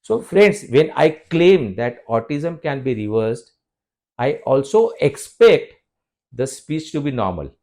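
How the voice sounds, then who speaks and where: A man's voice: medium pitch, very animated, slow pace, a little mellow. A man, a homeopathy doctor giving an explanatory talk to viewers. He keeps calling them "friends" and asks questions so he can answer them.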